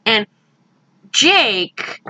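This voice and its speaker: A woman chatting casually about a movie, animated and quick to act out characters' lines in high, loud voices. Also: no echo, rough recording. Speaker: podcast co-host recapping a movie. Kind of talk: casual chat.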